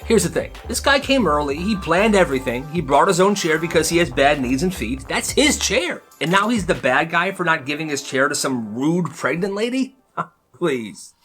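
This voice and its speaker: A man narrating storytime anecdotes in a lively, casual way, with his own comments on them. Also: on the high side, normal speed, faint music behind.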